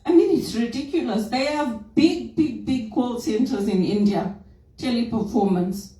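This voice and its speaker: A woman's voice: on the high side, a little slow, warm tone. A middle-aged woman from Zimbabwe, with an accent often heard as British, speaking to a group in an outspoken, emphatic way and using many rhetorical questions. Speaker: HR professional. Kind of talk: personal talk to a group. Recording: roomy, distant mic.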